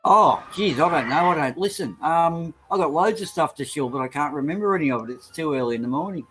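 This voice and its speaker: A man's voice: on the high side, lively intonation, quick pace, a bit bright, faint music behind. A man chatting casually as a regular player on a live poker stream, offhand and jokey. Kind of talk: casual chat and joke telling.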